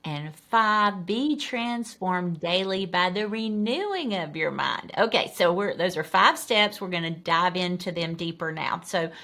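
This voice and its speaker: Low-voiced woman calmly teaching steps. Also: measured pace, few pauses. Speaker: podcast host and Christian coach. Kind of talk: teaching podcast talk.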